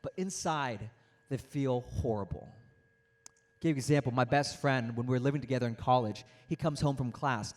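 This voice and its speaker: A young adult man giving an animated, interactive motivational speech to a youth audience, telling stories and acting out quotes. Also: mid-range voice, moderate pace. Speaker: motivational speaker.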